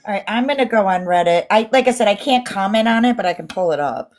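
A woman's voice: mid-range voice, lively intonation, fast talker, faint music behind. A woman co-hosting a casual livestream, reading viewer comments aloud in an indignant tone. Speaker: livestream co-host. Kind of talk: casual live-stream chat.

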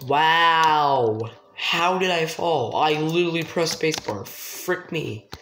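A man's voice: a little high, lively intonation, unhurried, a bit bright. A man giving live gameplay commentary as he plays, frustrated, self-mocking and swearing a lot. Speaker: gamer streamer. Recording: echoey room with background noise and keyboard clicks.

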